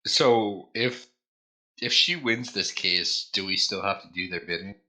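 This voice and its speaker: Excitable, bright-voiced young player. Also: male voice, on the low side, unhurried, low-quality recording. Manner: excitable, swears and laughs a lot. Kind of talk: casual tabletop game banter.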